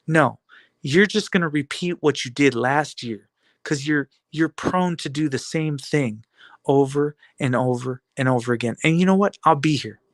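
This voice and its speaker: A man's voice: on the high side, normal speed, no echo. Defiant man with a raised voice. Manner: taunting, rhetorical questions, repetitive. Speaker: video blogger. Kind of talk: defiant motivational monologue.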